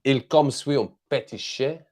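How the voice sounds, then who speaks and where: A man's voice: medium pitch, normal speed, a little mellow. A man hosting a casual live chat, playful and chuckling often as he tries out phrases. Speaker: livestream host.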